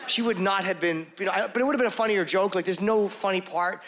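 A fast-talking man with a high, fairly bright tone performs stand-up on stage for a live audience. His set mocks himself and confesses freely, and he acts out exchanges using put-on voices.

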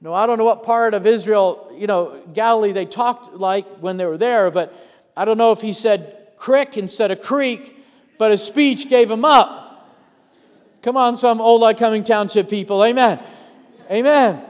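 A man's voice: high voice, normal speed, big-room sound. A pastor preaching a sermon, telling a Bible story and calling out to his congregation.

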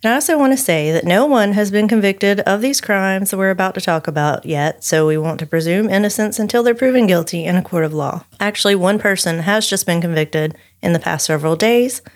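A woman's voice: medium pitch, a little fast, hardly any pauses. A woman, co-hosting a podcast and narrating a true-crime story from her notes with chatty asides. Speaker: podcast co-host.

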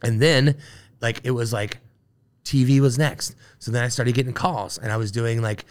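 A man's voice: medium pitch, fairly even intonation, moderate pace. A man on a casual chat show, telling a long story full of asides and acted-out quotes. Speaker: guest, brewer.

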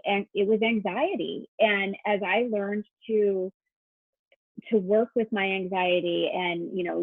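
Husky woman host on a tinny phone line. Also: medium pitch, dry recording. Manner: warm, hesitant, many fillers. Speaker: podcast host. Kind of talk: interview conversation.

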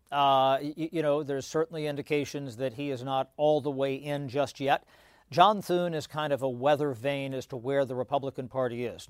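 A man explaining politics as a guest analyst, talking quickly with stammered restarts and many "you know" fillers. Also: fairly high pitch, dry recording, clean studio sound.

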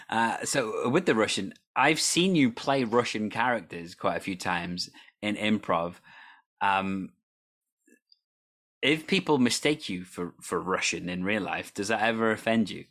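A man's voice: fairly low pitch, expressive, slow pace, long pauses, a bit bright. A man hosting a casual conversation, talking in a chatty, rambling way with frequent fillers. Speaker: host. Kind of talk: casual chat.

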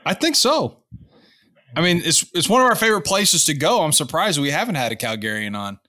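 A man co-hosting a podcast, chatting in a lively, upbeat way. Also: fairly high pitch, fairly quick, no room sound. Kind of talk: casual podcast chat.

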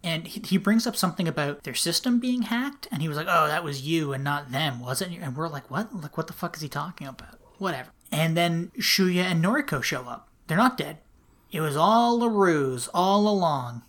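Animated and brisk, a podcast co-host with a slightly high, fairly bright voice recaps a movie with hardly any pauses. His chatty storytelling is punctuated by frequent laughs and lots of "like."

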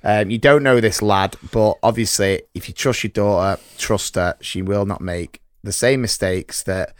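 A man's voice: on the low side, normal speed, no echo. Upbeat jokey man hosting a podcast. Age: middle-aged. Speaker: podcast host. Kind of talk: casual chat, show hosting.

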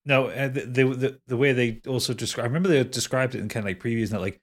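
A man's voice: medium pitch, quick pace. A man in a casual podcast chat, blunt, with frequent stammering restarts. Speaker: podcast co-host.

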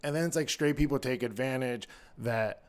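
A middle-aged person with a male-range voice, co-hosting a podcast in casual chat, telling campy, animated stories and laughing along. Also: medium pitch, moderate pace. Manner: campy, animated storyteller calling everyone "girl". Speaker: podcast co-host.

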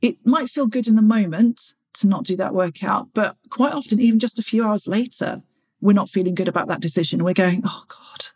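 A woman's voice: medium pitch, fairly quick, darkish tone, slightly rough. A woman, hosting a fitness podcast in a chatty, encouraging way. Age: 40s. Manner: chatty and encouraging, acts out her own inner voice. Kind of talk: motivational solo podcast talk.

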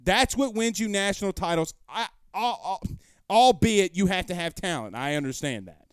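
A man's voice: high-pitched, expressive, normal speed, clean tone, no echo, studio quality. A man hosting a casual sports talk stream from home, arguing his points emphatically with rhetorical questions. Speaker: sports talk show host. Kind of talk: casual live-stream commentary. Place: home room.

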